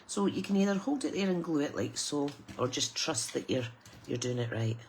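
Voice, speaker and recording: A woman's voice: low voice, lively intonation, moderate pace, a little mellow. A middle-aged woman with a British accent talks through a papercraft project step by step. Her tone is chatty and soothing, like someone reading at story time, with a faint hum of noise behind her. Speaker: papercraft demonstrator. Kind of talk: live crafting tutorial.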